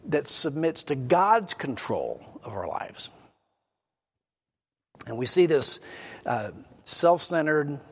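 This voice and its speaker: Man, pastor, sermon, earnest teaching tone, fairly high voice, long hall reverb. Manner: earnest teaching preacher, reads scripture aloud with emphasis.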